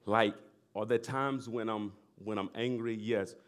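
A middle-aged male pastor preaching a sermon in a loose conversational way, with laughing asides and loud bursts of emphasis. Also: on the low side, steady tone, a little slow.

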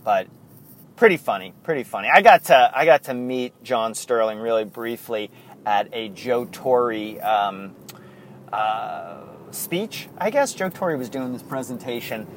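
A man's voice: mid-range voice, expressive, slow pace, slight background noise. A man hosting a podcast in casual chat, rambling and going off on tangents. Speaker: podcast host.

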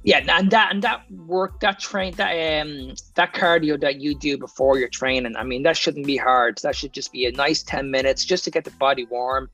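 A man's voice: medium pitch, moderate pace, few pauses, pushed and bright, faint music behind. Irish man giving plain training advice. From Ireland. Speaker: fitness coach guest. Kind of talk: casual podcast chat.

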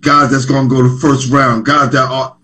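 Male podcast host, sharp bright voice, eager loose questions. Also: medium pitch, little pitch movement, moderate pace. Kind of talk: casual interview.

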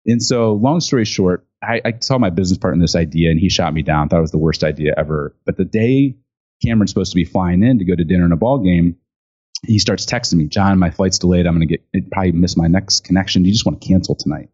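A man telling a story in an interview, animated and chatty, acting out other people's lines with lots of fillers. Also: low-pitched, fast. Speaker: guest, speaker and author on gifting. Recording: dull lo-fi sound.

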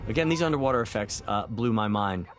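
Low-voiced man giving relaxed film commentary. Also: quick pace. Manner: relaxed, reflective, with frequent fillers and restarts. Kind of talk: casual audio commentary. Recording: faint film soundtrack music underneath.

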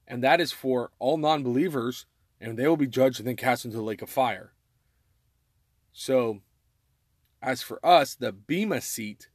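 A man preaches in an earnest, exhorting way, reads scripture aloud and often circles back on his phrases. His voice sits at a middle pitch. It is recorded close and dry, with no room echo. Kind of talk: casual sermon with scripture reading.

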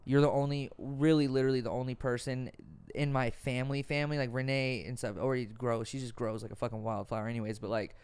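A young man hosts a casual podcast, telling earnest stories sprinkled with swearing. He talks fast in a smooth, slightly mellow mid-range voice with fairly even intonation.

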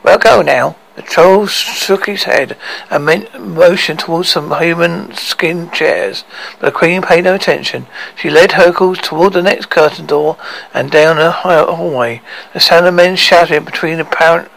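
A man reads a story aloud, halting and often correcting himself mid-sentence. His voice is fairly high for a man and gravelly. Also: fairly even intonation, a bit bright, poor audio. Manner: halting, with frequent self-corrections. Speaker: narrator.

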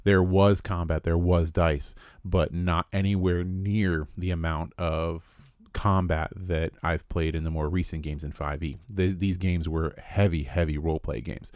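A man's voice: sits low, fairly even intonation, a little slow, a little mellow, dry recording, clean studio sound. A man co-hosting a podcast, talking through his experiences in an earnest, reflective way. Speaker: podcast co-host and player. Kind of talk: casual chat.

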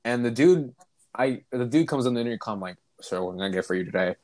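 A man's voice: medium pitch, fast talker, dry recording. A young man telling a funny story in a casual chat, acting out the voices of the people in it and laughing along. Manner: animated, laughs while telling stories, acts out voices.

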